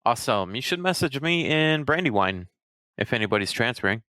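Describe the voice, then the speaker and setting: A man's voice: mid-range voice, sing-song, fairly quick, bright, forceful tone, dry recording. A man co-hosting a casual gaming podcast, laid-back and jokey, often searching for words. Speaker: podcast co-host. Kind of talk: casual chat about an online game.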